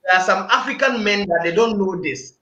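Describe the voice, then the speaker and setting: A man with a high, bright voice that rings out, preaching his points with insistent repetition. He is recorded in an echoey room, and the sound is dull and lo-fi. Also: fairly quick, a little hiss or hum. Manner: emphatic, preachy, repeats phrases for emphasis. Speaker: panel guest. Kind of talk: casual group discussion.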